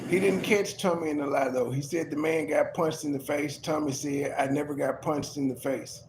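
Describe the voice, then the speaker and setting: A fairly high-pitched man with a gravelly rasp speaks bluntly and dismissively as a co-host, fighting off hiccups. His voice carries the echo of a roomy space, with a faint hum of ambient noise behind him. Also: fairly even intonation, normal speed, a little mellow. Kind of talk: casual reaction commentary.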